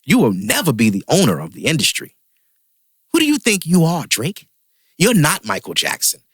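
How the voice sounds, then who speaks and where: A man's voice: a little high, wildly swooping pitch, moderate pace, fairly bright tone, breathy edge, no echo, studio quality. A man hosting a podcast, a comedian ranting in heated, profane casual chat.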